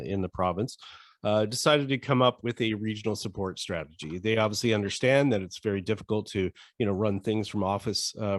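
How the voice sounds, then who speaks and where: A man's voice: on the low side, dry recording, clean studio sound. A man from Eastern Ontario co-hosting a casual golf podcast, explaining the news in an easygoing, informed way. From Eastern Ontario, Canada. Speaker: podcast co-host.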